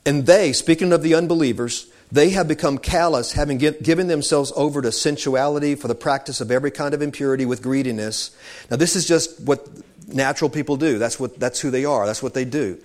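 A man's voice: mid-range voice, brisk, a little mellow. A man preaching an informal sermon, talking conversationally and wandering into asides, calling his listeners saints.

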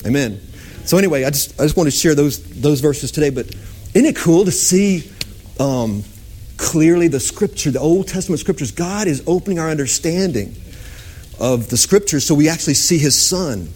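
A man preaching a sermon, animated, swinging between high excited exclamations and low hushed tones. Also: normal speed, a little hiss or hum. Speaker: pastor.

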